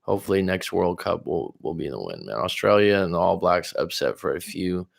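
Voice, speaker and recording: His voice sits low, with lively intonation and vocal fry, and he speaks a little fast. He's a California man hosting a casual relationship-coaching live stream, reading viewer comments out and answering them loosely with fillers and restarts.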